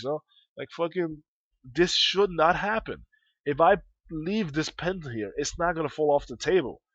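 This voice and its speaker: A young man spins a long personal tale in a loose, rambling way, cursing freely and tripping over repeated words. His voice sits at a middling pitch and jumps loud and high when he gets excited. The audio is dry and a little muffled. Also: dry recording. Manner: rambling, profane, repeats himself. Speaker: storyteller. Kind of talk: casual spoken storytelling.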